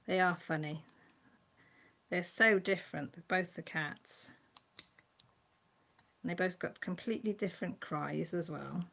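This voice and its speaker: A woman's voice: on the low side, measured pace, creaky, pauses often, a bit bright. A woman hosting a casual live-stream chat from home, reading out and answering viewer comments. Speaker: channel host. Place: at home with her pets.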